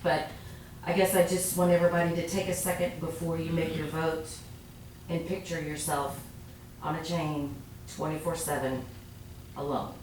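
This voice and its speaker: A woman's voice: deep voice, flat delivery, normal speed, darkish tone. A woman giving a heartfelt public comment at a city council meeting. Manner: earnest, heartfelt. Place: council chamber. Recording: echoey chamber, far from mic, faint noise.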